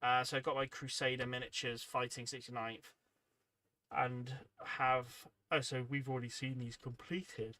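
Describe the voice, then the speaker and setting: Tired, chatty man with a bright voice. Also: medium pitch, little pitch movement, moderate pace, no room sound. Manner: chatty, rambling, self-deprecating. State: tired, yawning. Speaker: livestream host. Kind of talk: casual livestream chat reading viewer comments.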